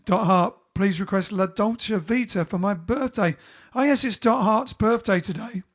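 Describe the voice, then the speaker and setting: A man's voice: high voice, moderate pace. A man hosting a casual livestream from home, reading out viewers' greetings one by one in a chatty way. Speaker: bandleader and livestream host. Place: home during lockdown.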